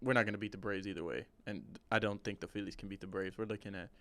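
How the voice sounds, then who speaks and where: Young male podcast co-host, low and even, smooth tone, dry close recording, rambling sports enthusiast. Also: fast talker, no echo. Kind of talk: casual sports chat.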